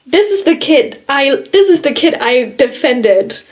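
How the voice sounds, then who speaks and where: A book vlogger reacts to her reading in a casual vlog, gushing emotionally and laughing throughout her running commentary. Her voice sits high and is very animated, yet her pace is measured.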